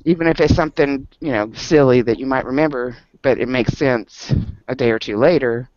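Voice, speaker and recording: A man with a mid-range voice talks a little fast as he tells a story at a book club meeting, casually chatting with the group and laughing frequently. He's a lively storyteller whose speech is packed with fillers. The dry recording sounds dull and lo-fi.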